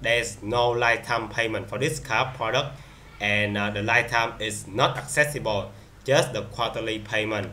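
Bright-voiced man demoing software haltingly. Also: on the low side, fairly even intonation, a little hiss or hum. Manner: halting, many fillers and restarts. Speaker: software reviewer. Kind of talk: screen-recorded software demo.

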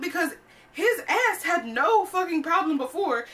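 A woman's voice: extremely high pitch, big pitch swings, measured pace, bright, forceful tone, recorded from a distance. A young woman telling a storytime in a blunt, profane, sassy way, full of fillers. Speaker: vlogger. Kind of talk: casual storytime rant.

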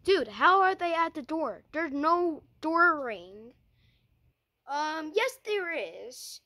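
A woman performs a homemade skit, jumping excitedly between characters. Her high voice swoops up and down, and she takes her time, tripping over restarts as she goes. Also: slow pace. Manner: stammering restarts.

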